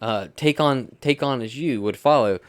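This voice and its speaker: A man loudly reading the lines of a jealous young rival, with stumbles. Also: mid-range voice, moderate pace, no echo, natural voice. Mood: hostile. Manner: loud stumbling dramatic reading.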